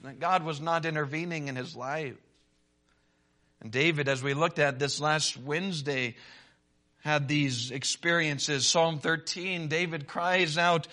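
Bright-voiced preacher, slow and dramatic. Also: male voice, on the high side. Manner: preaching with dramatic rises and hushed drops; reads scripture in old-fashioned wording. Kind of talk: sermon.

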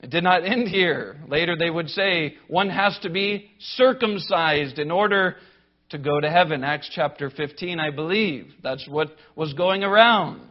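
High-voiced, slow, deliberate male preacher. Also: lo-fi sound. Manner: emphatic, deliberate preaching with rhetorical lists. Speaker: pastor. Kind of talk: sermon.

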